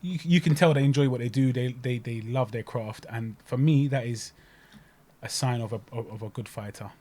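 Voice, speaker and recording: Brief: young English podcast co-host, mid-range voice, loose and rambling, drops "innit". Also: male voice, mid-range voice, moderate pace, dark tone. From England. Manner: rambling, repeats words, says "innit". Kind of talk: casual sports chat.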